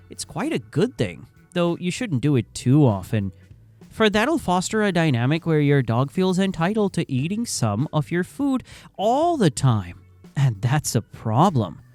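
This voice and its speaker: Wry male narrator, lively pitch. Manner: wry, conversational asides. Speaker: channel narrator. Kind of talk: scripted narration.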